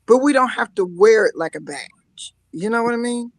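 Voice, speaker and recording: A woman guest on a live-streamed talk show, telling lively personal stories with frequent laughter and mock-scolding asides. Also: fairly high pitch, normal speed, no echo, poor audio. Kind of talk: emotional casual talk-show chat.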